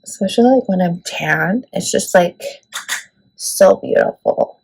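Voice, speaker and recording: A woman's voice: lowish voice, lively intonation, unhurried, darkish tone, low-quality recording. A woman beauty vlogger talking casually through a makeup tutorial, chatty and full of "like" and "let me tell you". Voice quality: creaky.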